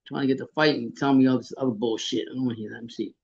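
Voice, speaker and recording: A man's voice: mid-range voice, steady tone, rapid-fire, gravelly, a little mellow, breathy edge, highs cut off. A man hosting a live fight reaction stream, swearing, stammering and answering chat comments.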